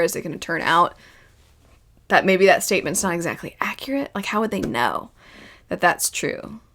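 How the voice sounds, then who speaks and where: A woman hosting a video and giving casual reaction commentary on a cartoon series, animated and emotional and laughing often. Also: fairly low pitch, a little hiss or hum.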